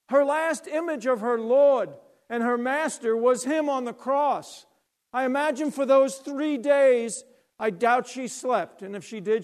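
A man preaching a sermon, retelling a scripture story dramatically, swinging from loud to hushed. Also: sits high.

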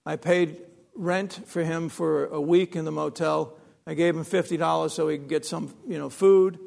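A man's voice: on the high side, fairly even intonation, moderate pace, gravelly, a little mellow. A man preaching a sermon, emphatic, repeating phrases and restarting sentences.

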